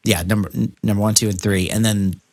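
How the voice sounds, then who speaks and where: A man's voice: lowish voice, little pitch movement, a little fast, a little mellow, dry recording. A man co-hosting a podcast in casual chat, rambling and self-correcting with a wry edge. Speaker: podcast co-host.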